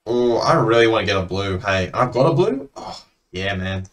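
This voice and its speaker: A man's voice: lowish voice, expressive, moderate pace. An Australian man chatting casually and laughing between remarks as he comments on a card game he is playing.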